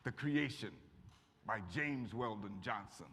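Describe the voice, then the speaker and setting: A man's voice: mid-range voice, a little slow, breathy edge. An older man from Kentucky telling stories to a college audience in a folksy, humorous way, now and then acting out what people said. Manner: folksy, warm humor, acts out quotes. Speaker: guest speaker. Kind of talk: lively storytelling talk to students. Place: college auditorium. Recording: echoey hall.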